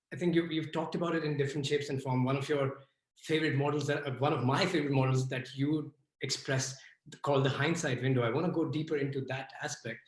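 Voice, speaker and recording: A man hosting an interview over a video call. He speaks in a relaxed way with many hesitations. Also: a little high, roomy sound. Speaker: host.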